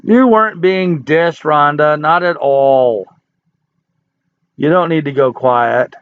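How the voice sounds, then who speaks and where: A man in his sixties chats through a livestream in a folksy, joking way, answering viewers as he goes. His voice sits a little high for a man. The sound is dry and close, with a slightly dull, lo-fi quality. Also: takes it slowly, clear, resonant tone, no room sound. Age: 60s. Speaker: livestream host. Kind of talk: casual live chat reading viewer comments.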